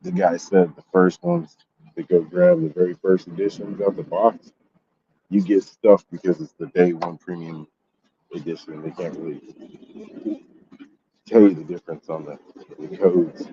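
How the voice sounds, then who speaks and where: A man's voice: low-pitched, animated, moderate pace, pauses often, mellow, dull audio, slight background noise. A man telling a story in a casual gaming vlog, swearing and venting his frustration. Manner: profane, exasperated ranting. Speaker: gaming YouTuber.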